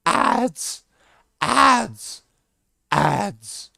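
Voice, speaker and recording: Guy putting on a breathy falsetto "lady" voice, super high and slow, kinda dreamy and prim. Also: big pitch swings, pushed and bright, no echo, studio quality, exaggerated voice. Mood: timid.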